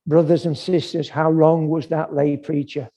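A man preaching a sermon, measured and given to emphatic repetition. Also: a little high, little pitch movement, mellow, breathy edge.

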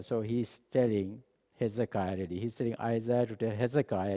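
A man preaching a sermon, animated and acting out dialogue, dropping to a soft voice for emphasis. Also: lowish voice, fairly quick. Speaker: pastor. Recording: long hall reverb.

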